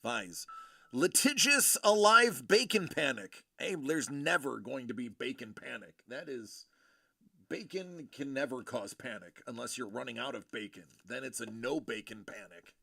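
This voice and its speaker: A man doing casual live-stream commentary while opening collectible cards, joking and reacting loudly. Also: medium pitch, expressive, normal speed, creaky, dry recording, studio quality.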